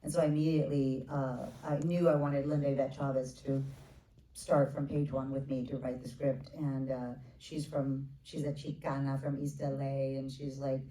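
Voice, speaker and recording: A woman in her forties, a film director, telling stories at a casual onstage Q&A in a low voice. She slips in quick asides and acts out what others said. The sound is roomy, like a theater heard from a distance. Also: a little hiss or hum. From United States. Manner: animated storyteller, quick asides, acts out others with bursts of laughter. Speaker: film director answering questions. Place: theater stage with audience.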